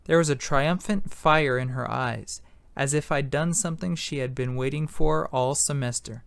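A man's voice: medium pitch, moderate pace, creaky, clear, resonant tone, no room sound. A man reading a novel aloud in first person, narrating an amateur audiobook in a plain, matter-of-fact way.

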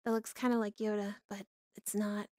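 A woman's voice: mid-range voice, little pitch movement, moderate pace, a little mellow, no echo, studio quality. A woman hosting a casual livestream, playful and mock-dramatic, often breaking into laughter. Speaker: livestream host.

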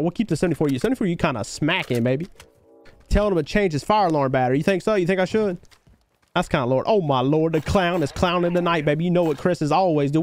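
A man live-streaming a shooter game, chatting with teammates and viewers in a hyped, slangy way, calling everyone baby and bro. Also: high-pitched. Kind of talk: casual gameplay chat with teammates and viewers.

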